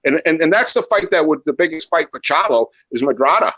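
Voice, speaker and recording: A man's voice: fairly high pitch, a little fast, breathy edge. A man in casual chat on a podcast, rambling and swearing freely as he talks. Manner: rambling, profane, animated. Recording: muffled lo-fi audio.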